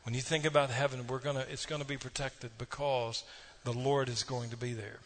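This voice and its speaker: A man's voice: mid-range voice, steady tone, fairly quick, fairly bright tone. A man preaching a sermon, telling folksy stories and tossing asides to the congregation. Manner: folksy storytelling with audience asides. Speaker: pastor.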